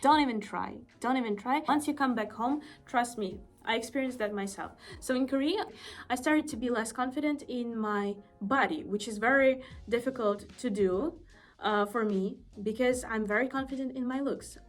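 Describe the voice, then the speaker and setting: A woman's voice: a little high, normal speed. A young woman from Estonia chatting casually to the camera as a vlogger, emphatic and repeating her points.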